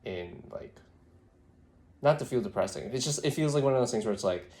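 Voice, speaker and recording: A man's voice: mid-range voice, lively intonation, fairly quick, a little mellow. A young man vlogging, congested and throaty, musing aloud in a meandering way full of fillers. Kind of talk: rambling reflective vlog. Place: lying on his side, later standing. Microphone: phone.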